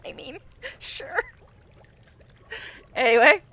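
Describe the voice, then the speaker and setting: A woman's voice: sits high, big pitch swings, very slow, fairly bright tone, slight background noise. A woman streaming a game live, reading it aloud with chatty, laughing asides.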